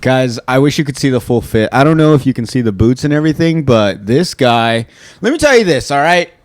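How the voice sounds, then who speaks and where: A man's voice: mid-range voice, animated, fairly quick, no room sound, clean studio sound. A man hosting a casual comedy podcast, teasing his co-host and laughing often.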